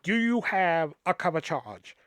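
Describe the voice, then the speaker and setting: Brief: a man putting on a high, fast, swaggering smooth-talker, cocky and boastful, dry close sound. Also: sing-song, a bit bright, no echo. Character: smooth-talking, cocky man who brags about big spending.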